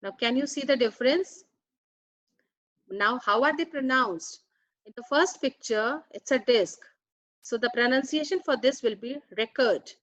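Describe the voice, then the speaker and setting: A woman with a fairly high, somewhat bright voice delivers a slow, explanatory English grammar lesson, deliberately reading each word's meaning in turn. It's a dry recording with the highs cut off.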